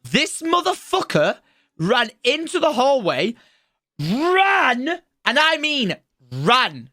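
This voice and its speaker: Here the young man speaks at an extremely high pitch over a dry, studio-quality recording. He's telling viewers of his home live stream a school anecdote, full of swearing and energetic impressions, like his teacher yelling.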